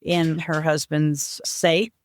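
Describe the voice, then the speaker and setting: A woman guest on a podcast, earnestly retelling a personal family story and voicing the people in it with lively shifts. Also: deep voice, takes it slowly, slight background noise. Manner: earnest, animated retelling with lively voiced quotes.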